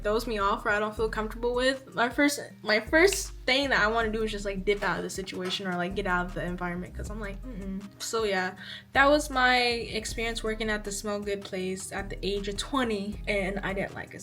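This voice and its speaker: A vlogger in her twenties with a mid-range, bright, forceful voice tells a casual storytime. She's chatty, packs her speech with "like," and acts out what people said.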